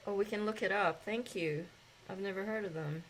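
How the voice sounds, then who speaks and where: A woman's voice: medium pitch, fairly quick, slight background noise, poor audio. Rambling woman hosting a spiritual talk. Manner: loose, rambling, with fillers and swearing. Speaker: spiritual gathering host.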